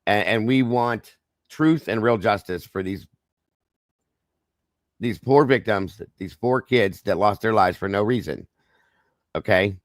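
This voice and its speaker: Male true-crime streamer, low and hoarse, fired up and cursing, close dry sound. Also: slow, long pauses, dry recording. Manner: angry, ranting, swears freely; greets viewers by name between rants. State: hoarse, losing his voice. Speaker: livestream host. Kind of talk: true-crime livestream chat.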